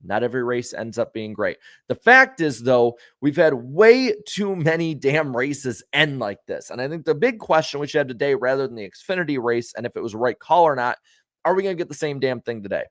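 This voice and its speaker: A man's voice: mid-range voice, lively intonation, a little fast, fairly bright tone, no echo. Male show host, mid-range voice, dry close sound, opinionated casual chatter. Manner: frank, opinionated, conversational; friendly to viewers. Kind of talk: casual pre-race talk.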